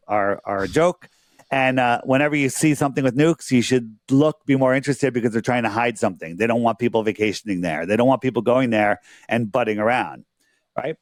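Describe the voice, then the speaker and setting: Interviewed as a guest, a man speaks casually and earnestly in a mid-range voice, explaining things on his screen and often checking in with rhetorical questions. The sound is studio quality, with no room sound.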